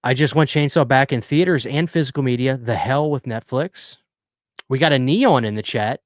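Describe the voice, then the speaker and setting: At a normal pace and mid-range pitch, a man chats earnestly on a casual live stream, reading viewer messages aloud as he goes. The sound is dry and clean, studio-style.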